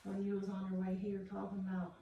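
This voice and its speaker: A woman at a family reading, prompting a relative and nudging his memory. Her voice has a gravelly edge, and she sounds far from the mic in an echoey room with faint noise. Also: medium pitch, completely flat delivery, quick pace, mellow, highs cut off. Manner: prompting, reminding others.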